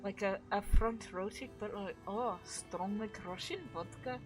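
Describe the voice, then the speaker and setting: A woman streaming a video game, chatting excitedly with a co-player and viewers, swearing now and then. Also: medium pitch, a little slow. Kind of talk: casual gaming stream chat. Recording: game music behind.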